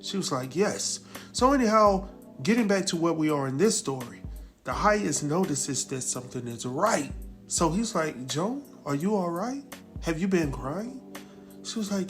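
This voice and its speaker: Guy doing a tv recap, kinda high voice, acts out all the lines, slangy, laughs at his own jokes, little music behind. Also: moderate pace. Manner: animated storytelling, acts out characters' lines. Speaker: recap show host. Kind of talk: casual episode recap.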